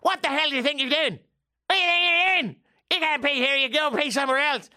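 A man putting on the voice of an angry little Irish homeless man, yelling high and shrill with an Irish accent. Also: fast talker, dry recording, clean studio sound, heavily acted. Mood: furious.

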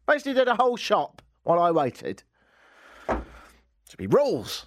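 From a radio studio, a man from England with an English accent delivers a casual comic monologue as a wry, exasperated rant. His voice sits high with wildly swooping pitch at a moderate pace, and the recording is dry with clean studio sound.

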